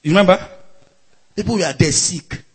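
A man preaching a sermon to a live congregation, laughing out loud and shouting chanted refrains. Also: sits high, normal speed, husky.

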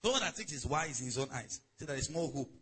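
A man's voice: a little high, animated, fast talker, sharp tone, slightly rough, poor audio. A man preaching a sermon in a conversational way, calling on the congregation to respond. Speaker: pastor.

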